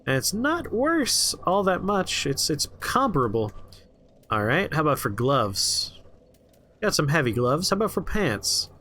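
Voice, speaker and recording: A man's voice: on the high side, fairly bright tone. A man streaming a video game, casually commenting and reading out strange item names with amusement. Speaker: let's play streamer.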